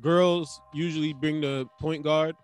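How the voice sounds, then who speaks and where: Laid-back slangy man, somewhat high voice. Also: steady tone, a little slow, clear, resonant tone, faint music behind. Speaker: comedian guest. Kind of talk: casual podcast chat.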